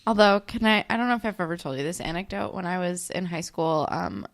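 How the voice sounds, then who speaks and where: Lively young woman with a gravelly voice. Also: fairly low pitch, fast talker. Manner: animated storyteller who gushes and adds asides. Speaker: podcast co-host. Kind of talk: casual recap chat.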